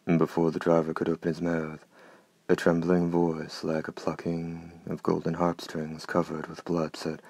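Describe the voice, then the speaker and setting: A man narrating an audiobook in a measured, steady, unhurried way. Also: low voice, gravelly, no echo.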